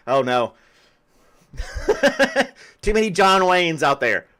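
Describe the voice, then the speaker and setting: A man's voice: high voice, big pitch swings, takes it slowly, sharp tone. A man hosting a podcast in casual chat, often breaking into laughter. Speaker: podcast host.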